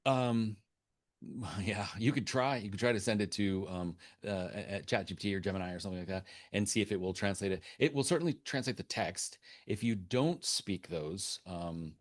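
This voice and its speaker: A man's voice: fairly low pitch, moderate pace. A man answering questions as a webinar guest speaker, talking off the cuff with many restarts and fillers.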